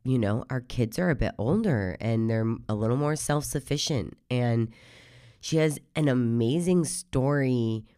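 A woman hosting a podcast, talking casually in a rambling, chatty way while hoarse from a cold. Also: extremely low pitch, unhurried, mellow, dry recording, clean studio sound. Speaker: podcast host. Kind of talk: casual podcast intro monologue.

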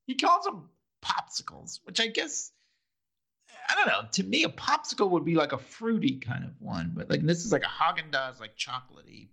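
Gravelly, lively-voiced man recapping. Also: a little high, moderate pace. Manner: rambling, quoting scenes with laughs. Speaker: podcast co-host. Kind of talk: casual TV recap chat.

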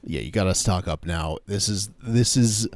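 Very deep deadpan man. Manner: deadpan, quick riffing one-liners. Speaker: podcast co-host. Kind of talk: casual comedic banter.

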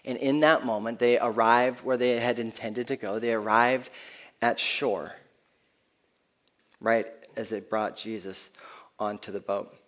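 A man's voice: medium pitch, steady tone, a little slow, pauses often, a bit bright. A man preaching a sermon in an earnest, conversational way, often restarting his phrases, who speaks of his own kids. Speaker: pastor.

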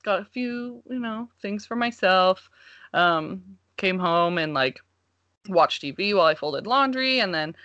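A chatty woman telling a story in a casual conversation, filling her talk with "like". Her sound is dry and slightly dull, lo-fi as if through a modest mic. Mid-pitched voice. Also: expressive, unhurried, no echo. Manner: chatty, uses "like" a lot, warm reactions. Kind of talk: casual chat.

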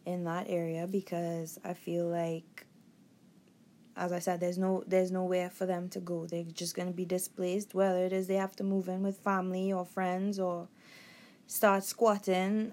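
Lower-voiced woman speaking bluntly. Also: a little mellow. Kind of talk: casual podcast chat.

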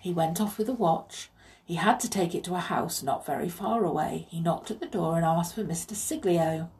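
A woman reading a children's story aloud in an expressive, measured way. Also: fairly low pitch.

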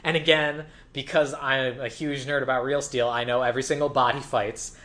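A man casually retelling a movie plot to a co-host, animated and quoting the characters as he goes. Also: medium pitch. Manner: animated storytelling, quoting characters in quick voices. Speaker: podcast co-host. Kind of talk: casual movie recap chat.

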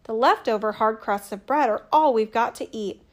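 A woman's voice: a little high, moderate pace, close to an everyday voice. A woman voicing a sad, thirsty young boy in a fairy tale, speaking earnestly and plaintively. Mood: sorrowful.

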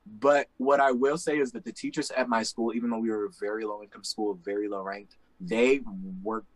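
A young man from Indiana in casual conversation, talking emphatically with quick asides. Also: on the low side, fairly even intonation, no room sound, rough recording. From Indiana, USA.

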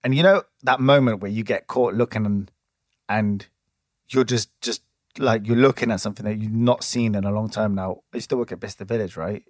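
A man's voice: on the low side, fairly even intonation, fairly quick, no room sound, clean studio sound. A man in his twenties, chatting casually as a podcast co-host and telling a long story full of restarts and fillers. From England. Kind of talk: casual chat.

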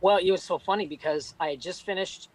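High-voiced man telling a chatty story. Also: fast talker, rough recording. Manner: chatty, easily sidetracked. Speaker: cartoon voice actor at a cast reunion. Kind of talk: casual storytelling on a group video call.

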